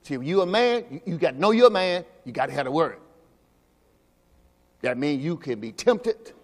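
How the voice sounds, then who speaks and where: A man preaching a sermon as pastor. He talks emphatically, asks the congregation questions, and drops into low quiet asides. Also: very animated, moderate pace. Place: church sanctuary. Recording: long hall reverb from a church service.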